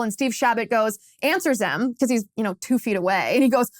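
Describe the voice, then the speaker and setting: A woman in her thirties hosting a political talk show, telling a story in a lively, casual way and laughing along. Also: on the high side, brisk, hardly any pauses, no echo, studio quality. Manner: animated, laughs while telling anecdotes.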